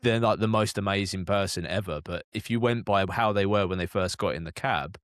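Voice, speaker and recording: A man's voice: fairly low pitch, brisk, dry recording, clean studio sound. A man, a cab driver co-hosting a casual chat, talking reflectively with many casual fillers. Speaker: London cab driver, co-host.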